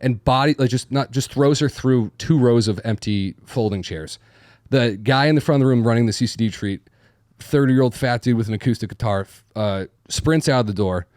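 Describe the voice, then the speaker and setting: A man's voice: mid-range voice, brisk, darkish tone, no room sound, studio quality. A young man from Massachusetts telling a profane, self-deprecating story in casual chat.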